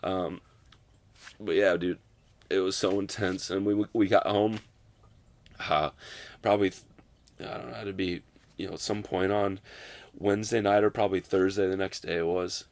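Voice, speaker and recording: A young man in his twenties telling a long personal story in casual conversation, filling every pause with "like" and swearing freely. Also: low voice, steady tone. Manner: rambling, fills with "like", profane. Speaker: guest.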